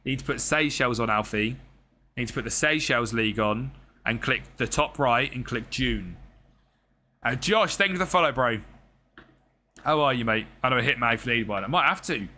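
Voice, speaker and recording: A young streamer gives loose live commentary over a football management game in a bright, forceful, medium-pitched voice at a brisk clip. He chats with viewers, reads out their messages, and swears casually, with faint noise in the background.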